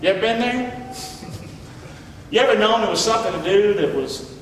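A middle-aged man preaches in a high voice, folksy and emphatic, pausing to call for amens. He sounds distant from the mic, his words ringing through a large church with a long reverb tail. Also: lively intonation, slight background noise. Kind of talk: sermon. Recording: echoey hall from far off.

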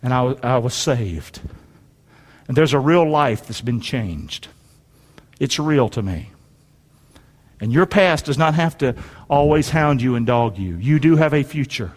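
Speaking a little slowly at a medium pitch, the pastor stays animated and leaves long pauses. He leads call-and-response with the congregation and reads scripture aloud, his sermon echoing with long hall reverb in the sanctuary.

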